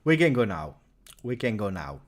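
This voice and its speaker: A man with an Italian accent hosting a live football reaction stream, excitable, chatting with viewers and bursting into loud cheers. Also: lowish voice, normal speed. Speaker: live match reaction host.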